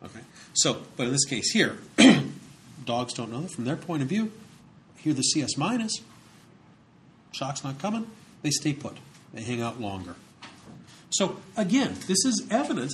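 A man's voice: fairly high pitch, a little hiss or hum. A man lecturing in a conversational way, with frequent fillers and repeated words as he explains. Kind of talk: recorded psychology lecture.

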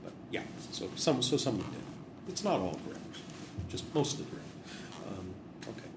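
A man's voice: lowish voice, sing-song, normal speed. A man casually explaining old stories in a rambling, digressive and wry way. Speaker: host discussing memorial plaques. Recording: roomy echo with background noise.

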